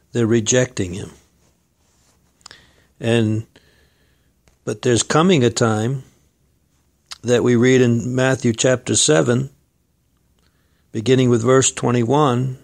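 Gravelly-voiced man preaching a sermon. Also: mid-range voice, a little mellow. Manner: earnest, exhorting, addresses listeners as friend and folks.

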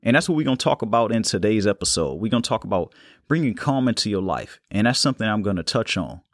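A young man hosting a solo podcast, talking in a calm, unhurried, reflective way. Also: on the low side, no echo, clean studio sound. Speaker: podcast host. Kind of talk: casual solo podcast talk.

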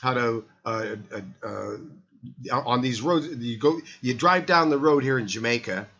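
A man's voice: mid-range voice, measured pace, fairly bright tone, muffled recording. An older man hosting a health talk show, chatting casually and rambling with many restarts and fillers.

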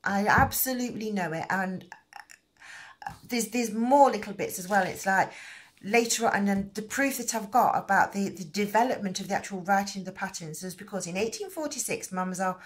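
A woman's voice: mid-range voice, fairly quick. Brief: middle-aged woman, crochet hobby host, chatty and meandering, mid-range voice. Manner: rambling, many fillers and restarts, nonstandard grammar. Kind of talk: rambling casual explanation.

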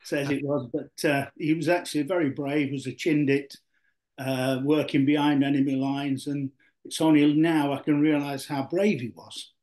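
A man's voice: on the high side, steady tone, moderate pace, a little mellow. An older man from Yorkshire, a former footballer being interviewed, telling long stories full of fillers and restarts. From Yorkshire, England. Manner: rambling with many fillers and restarts. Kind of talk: storytelling interview.

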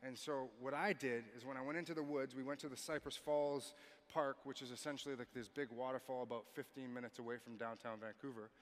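Man hyping an arena crowd. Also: medium pitch. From Canada. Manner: hype, coaxing the crowd, builds to shouts. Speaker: motivational speaker. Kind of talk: energetic keynote to a youth audience. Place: large arena stage. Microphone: stage microphone. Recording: long arena reverb, faint noise.

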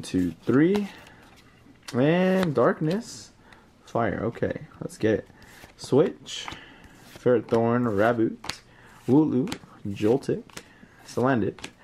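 A man giving casual unboxing commentary, reading card names aloud and getting excited over rare pulls, with words like bro and mate. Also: mid-range voice, slight background noise. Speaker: card collector opening booster packs.

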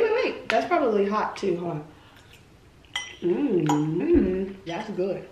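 A woman's voice: mid-range voice, big pitch swings, slow pace, pauses often, reverberant, background noise. A woman in her twenties, a vlogger and mother, chatting casually with her young son over food, playful and laughing often. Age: 20s. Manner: playful, laughs often, talks gently to a child.

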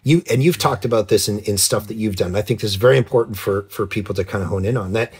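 A husky-voiced man in his forties, a pastor talking as a guest on an interview. He tells his stories with animated energy, slipping into the voices of the people in them. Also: lowish voice, fast talker. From Canada. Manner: lively, acts out voices in anecdotes. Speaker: pastor and author, podcast guest. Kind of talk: animated storytelling in conversation.

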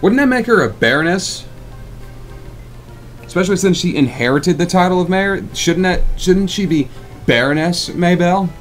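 A deep-voiced man voicing a spirited, blunt teenage girl heroine in a game by lifting his pitch. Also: expressive, moderate pace, faint music behind. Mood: puzzled. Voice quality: slightly raised pitch, effeminate attempt. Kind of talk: amateur game dub.

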